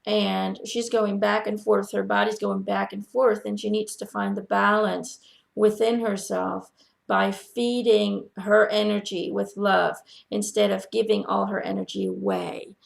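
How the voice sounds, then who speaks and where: A woman gives a spiritual reading in a soft, unhurried voice, stopping often to listen before she goes on. Her voice is very gravelly, with heavy vocal fry, at a middle pitch. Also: flat delivery. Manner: gentle, halting, many ums, pauses to listen. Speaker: spiritual medium answering follower questions. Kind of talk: channeling reading, casual spoken.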